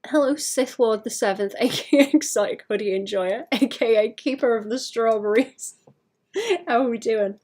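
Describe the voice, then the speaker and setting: Soft-spoken woman chatting while drawing. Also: a little high, lively intonation, normal speed. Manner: soft-spoken, rambling, laughs often, many "like" fillers. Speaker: art streamer. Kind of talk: casual chat while drawing.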